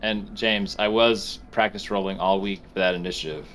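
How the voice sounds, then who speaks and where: A man's voice: sits low, steady tone, moderate pace, a bit bright, slight background noise. A man playing a tabletop game, chatting eagerly and joking with the group. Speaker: player. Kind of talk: casual tabletop game chat.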